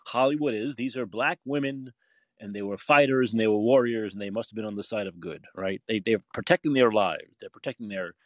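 A man's voice: fairly low pitch, a little fast, no room sound. A man hosting a call-in podcast, talking in an emphatic, opinionated way, a former film critic. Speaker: podcast host. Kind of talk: casual call-in talk.

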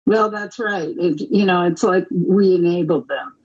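Brief: woman hosting a casual call-in podcast, dark husky voice, blunt. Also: lowish voice, a little slow, muffled recording. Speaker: host. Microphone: call-in app.

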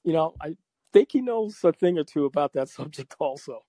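A man calling in to a talk show, speaking in a relaxed, easygoing way. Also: a little high, fairly quick, no room sound. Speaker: caller. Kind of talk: casual call-in chat.

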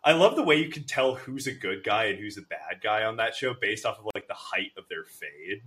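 A man's voice: fairly low pitch, lively intonation, brisk, a bit bright. A man co-hosting a podcast, joking around and laughing often as he talks. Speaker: podcast co-host. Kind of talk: casual chat.

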